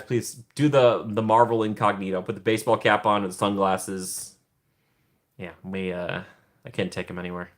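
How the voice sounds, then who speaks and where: A man's voice: on the low side, fairly bright tone. Chatty man hosting a home livestream. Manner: chatty, rambling, laughs often, trails off. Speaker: livestream host. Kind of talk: casual livestream chat with viewers.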